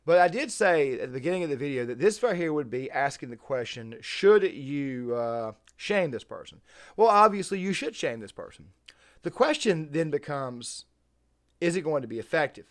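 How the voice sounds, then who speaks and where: A man's voice: a little high, lively intonation, moderate pace. Emphatic man hosting reaction commentary. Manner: emphatic, repeats phrases, wordy. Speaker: channel host.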